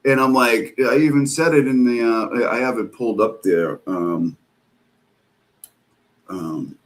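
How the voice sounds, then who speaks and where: A man's voice: medium pitch, a little slow, poor audio. A man joining a casual chat over a video call, talking bluntly and swearing freely. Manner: blunt, profane. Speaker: co-host.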